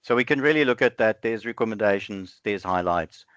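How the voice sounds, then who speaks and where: A man's voice: on the low side, animated, a bit bright, clean tone, dry recording. Guy doing a live webinar demo, chatty, keeps correcting himself, kinda dull dry call audio. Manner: conversational, self-correcting, halting fillers. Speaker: webinar presenter. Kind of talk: live software demo, thinking aloud. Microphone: online webinar with screen sharing.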